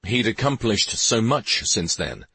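A man narrating a fantasy audiobook in a measured, even reading. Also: lowish voice, vocal fry, slightly rough, no room sound. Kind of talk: scripted narration.

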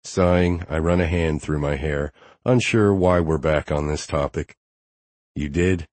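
A man reads first-person audiobook narration in a measured, even manner. His voice sits very low. The recording is dry and close, with no room sound. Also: no echo.

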